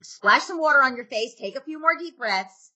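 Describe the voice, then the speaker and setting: A woman's voice: high voice, animated, moderate pace, bright, forceful tone. A middle-aged woman, a parenting expert, giving advice in a casual podcast interview and acting out parent and kid lines.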